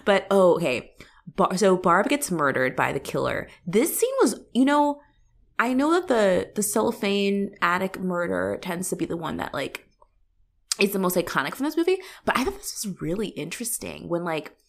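A woman co-hosting a casual podcast, recapping a movie with quick asides, laughter and acted-out quotes. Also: mid-range voice, big pitch swings. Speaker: podcast co-host.

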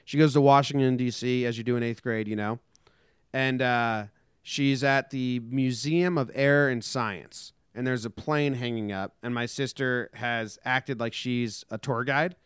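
A young man from the United States chats loosely on a podcast, rambling through stories and slipping into goofy voices for quotes. His voice is smooth and clean, with a dry, close sound and no room around it. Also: mid-range voice, steady tone, unhurried, no echo. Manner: rambling storyteller, acts out quotes in silly voices. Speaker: podcast co-host. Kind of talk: casual comedic chat.

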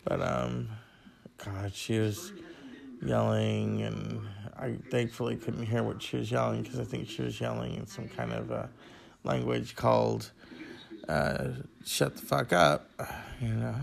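A man's voice: mid-range voice, flat delivery, a little slow, gravelly, a crowd in the background. A tired man hosting his own show, chatting in a rambling, casual way with crude asides and plenty of swearing.

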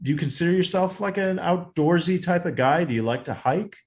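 A man co-hosting a movie podcast, telling a rambling, animated story in casual chat. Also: high-pitched, a little fast. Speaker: podcast co-host. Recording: roomy echo.

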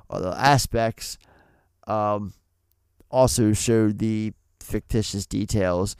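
A man's voice: lowish voice, darkish tone, clean tone, no room sound. A man hosting a casual film podcast, reading trivia and swearing freely in a laid-back way. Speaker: podcast host.

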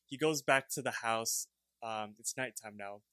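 A man on a casual podcast walks through a cartoon episode beat by beat. His voice sits at an ordinary middle pitch. It sounds close and dry, with no room sound around it. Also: measured pace, smooth, no room sound. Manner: retells scenes lively, slipping into character voices. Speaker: podcast co-host. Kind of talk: casual plot recap.

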